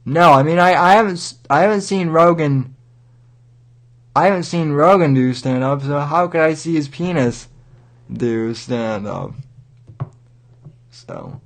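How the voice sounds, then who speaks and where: Slow, rambling male livestream host. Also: fairly high pitch, sing-song. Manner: rambling, wry, halting with many restarts. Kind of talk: casual livestream commentary.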